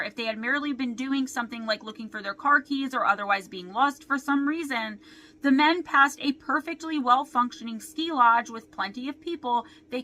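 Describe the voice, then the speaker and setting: Brief: female author-host narrating unsolved mysteries, skeptical, crisp bright tone. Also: on the high side. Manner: skeptical, poses many rhetorical questions. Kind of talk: reading her own mystery book aloud.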